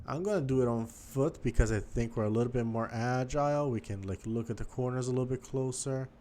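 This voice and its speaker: A man's voice: mid-range voice, fairly quick, dark tone, slight background noise. A man giving casual gameplay commentary, chatty and thinking aloud as he explores, with faint game music behind him. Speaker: gaming YouTuber.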